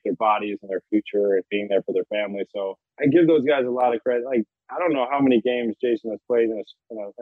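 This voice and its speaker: A man's voice: mid-range voice, no room sound. A man in his thirties from South Florida, a football player guest, telling laid-back stories in a casual interview. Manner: laid-back, storytelling, laughs often. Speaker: guest, NFL punter. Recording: tinny phone-line sound.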